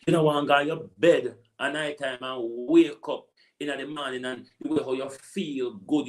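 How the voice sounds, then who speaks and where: A man with a Jamaican accent, an online political commentator delivering a preachy, repetitive rant full of rhetorical asides. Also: mid-range voice. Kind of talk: ranting monologue.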